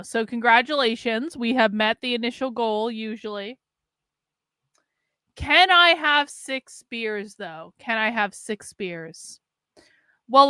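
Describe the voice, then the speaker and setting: A tipsy woman, buzzed on beer, hosts a casual livestream, swearing, teasing her viewers and slipping into a mock Southern drawl. Her voice is a little high, bright, forceful and smooth, with clean, echo-free studio sound.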